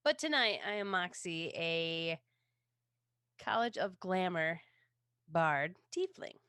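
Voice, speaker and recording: A woman's voice: on the low side, animated, slow, pushed and bright, clean tone, no echo, clean studio sound. A woman player introducing herself and her character in a chatty, self-deprecating way.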